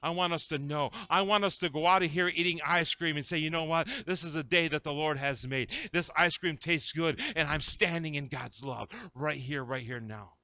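A man preaching a sermon, shifting between conversational asides and shouted, dramatic retellings of scripture. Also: on the high side, moderate pace, hardly any pauses, dry recording. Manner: acts out scripture voices dramatically. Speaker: pastor.

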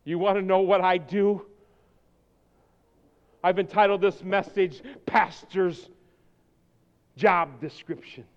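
A man preaching a sermon as pastor, swinging from quiet, intense passages to shouted exhortation. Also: high voice, steady tone, takes it slowly, pauses often, dull audio. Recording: long hall reverb.

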